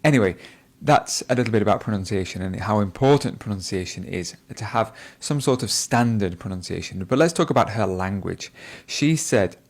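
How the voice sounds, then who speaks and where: A man teaching, giving measured feedback on a speaking test performance. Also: on the low side, animated. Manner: measured, evaluative commentary.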